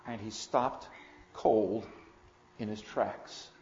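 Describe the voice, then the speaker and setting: A man preaching a sermon in an earnest way, with loud emphatic moments and quiet asides. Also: fairly low pitch, fairly even intonation, very slow. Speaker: pastor. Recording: echoey room, dull lo-fi sound.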